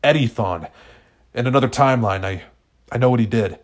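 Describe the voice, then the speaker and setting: A man's voice: medium pitch, brisk, close to an everyday voice. A man reading the lines of a young male speedster from another timeline in a fan fiction story, who talks in an urgent, unsure way. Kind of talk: fan fiction read aloud.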